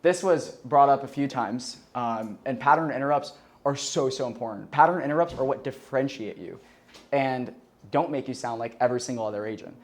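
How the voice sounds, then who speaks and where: Speaking at a brisk clip in a mid-range voice, this young man runs a sales class before a live classroom audience. He's relaxed and conversational, sprinkling in "like" and "right?", cursing offhandedly, and chuckling at his own jokes.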